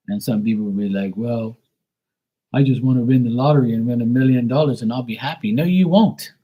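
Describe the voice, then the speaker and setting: A middle-aged man hosting a tarot livestream, chatting casually in a rambling, blunt and profane way that rises into animated rants. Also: deep voice, rough recording. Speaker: tarot reader host.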